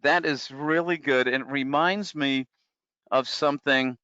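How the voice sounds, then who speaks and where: A man presenting a live webinar in a smooth, clear voice, talking conversationally with plenty of fillers and restarts. The sound is dry and a bit muffled, like a home computer mic. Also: medium pitch, measured pace, sharp tone, no echo. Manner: conversational, many fillers and restarts, reads out chat comments.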